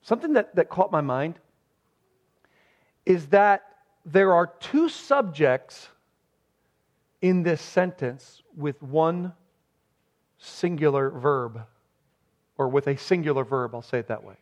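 A man's voice: on the high side, animated, slow pace, pauses often. A man preaching an expository sermon as pastor. He speaks emphatically and poses rhetorical questions to his listeners. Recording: dull lo-fi recording.

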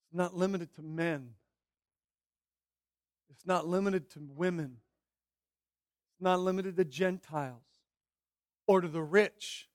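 High-voiced preacher delivering a sermon. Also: male voice, no room sound, studio quality. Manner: swings from quiet pleading to loud emphatic preaching.

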